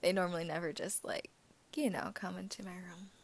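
A woman's voice: fairly low pitch, fairly even intonation, brisk, slight background noise. A woman in a groggy morning voice who has just woken up, giggling often as she talks in a whispered, casual chat with listeners as an ASMR host. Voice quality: raspy. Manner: giggly, laughs often between phrases.

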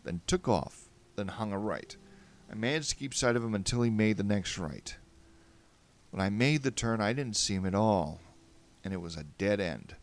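A man with a low voice narrates a first-person story. His pitch swings widely as he tells it with wry, animated storytelling.

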